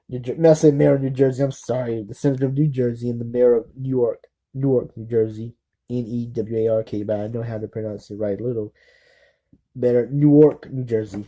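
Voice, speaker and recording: Halting man with a very dark voice. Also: medium pitch, low-quality recording. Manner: halting, apologetic, many restarts and fillers. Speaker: political vlogger. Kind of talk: casual unscripted commentary.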